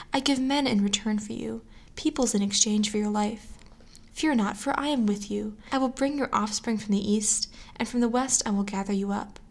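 A woman reads scripture aloud for a Bible podcast. Her delivery is calm and deliberate. A gravelly edge runs through her voice. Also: a little high. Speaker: scripture reader. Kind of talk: scripture reading.

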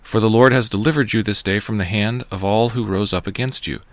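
A man reading the lines of a male foreign runner bringing news, in a measured way. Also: on the low side, no room sound, natural voice. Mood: formal.

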